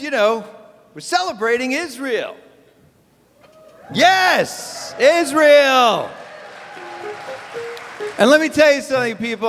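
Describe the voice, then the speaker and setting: A man doing live stand-up comedy as host of an evening event, with an animated, punchy, wisecracking delivery. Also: extremely high pitch, big-room sound. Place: event stage before a live audience.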